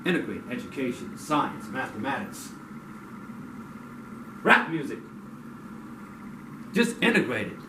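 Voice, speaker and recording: A man giving a blunt, profane community talk that swings into loud, angry outbursts. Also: medium pitch, sing-song, measured pace, long pauses. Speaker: community speaker. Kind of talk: impassioned street talk. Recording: echoey, distant mic with noise.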